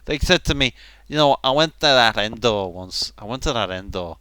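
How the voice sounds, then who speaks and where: A man's voice: medium pitch, lively intonation, normal speed, pushed and bright, clear, resonant tone, no echo. A man voicing an aggrieved, paranoid Liverpool man with a Liverpool accent, ranting in rhetorical questions.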